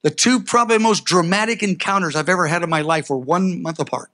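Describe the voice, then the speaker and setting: An older man preaching a sermon, telling personal stories in an animated way, with sudden loud peaks. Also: high-pitched, fast.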